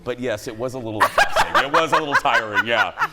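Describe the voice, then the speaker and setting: A man hosting a talk show, chatting casually and telling stories with lots of animation, often switching to high voices for quoted lines. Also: wildly swooping pitch, brisk, very noisy. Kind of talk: casual studio chat.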